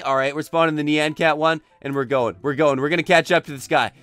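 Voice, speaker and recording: Gaming host, young man, hoarse and nearly voiceless, slightly high, smooth close dry mic, excitable commentary. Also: quick pace, dry recording, soft background music. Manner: excitable, narrates each move, frequent yells. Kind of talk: gameplay commentary.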